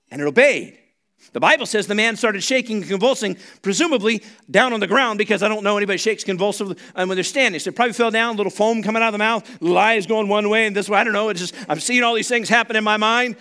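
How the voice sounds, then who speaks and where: Male pastor, high bright voice, conversational sermon that swells into forceful preaching. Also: animated, fast. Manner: conversational, builds to loud emphatic preaching. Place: church sanctuary.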